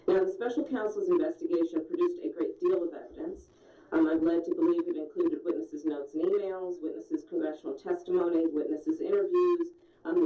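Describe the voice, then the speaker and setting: A woman questioning a witness at a formal hearing, firm and methodical, quoting documents aloud. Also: low-pitched. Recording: distant, echoey, dull hearing-room audio.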